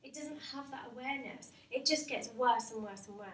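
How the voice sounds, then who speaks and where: A woman with a high voice gives a live workshop talk to staff. She speaks in a chatty way, laughing often and asking the room questions. The recording sounds roomy and distant, with faint background noise. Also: fairly quick. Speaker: hypnotherapist giving a staff talk. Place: company meeting room with a live audience.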